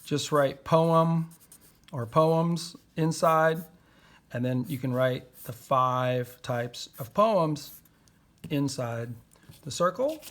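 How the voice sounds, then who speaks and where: A man gives a poetry lesson to young children in a slow, unhurried voice. He speaks at a middle pitch, patiently drawing out words and syllables so the class can follow along. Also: animated, fairly bright tone. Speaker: teacher.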